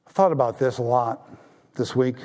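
A man preaching a sermon as pastor, swinging from raised appeals down to hushed, low tones for emphasis. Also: normal speed.

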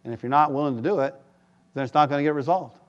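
A man preaching a sermon as pastor, animated, jumping to loud, high quoted voices and dropping into wry asides. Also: very fast, dull audio. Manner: animated, rises to shouts for quoted voices, self-deprecating asides. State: tired.

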